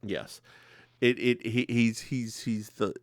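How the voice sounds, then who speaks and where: A man's voice: mid-range voice, slow pace, dry recording, studio quality. A man with a Southern US accent co-hosting a podcast, chatting sassily and playfully about a TV episode. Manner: sassy and playful, calls his co-host girl. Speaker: podcast co-host. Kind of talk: casual chat about a TV episode.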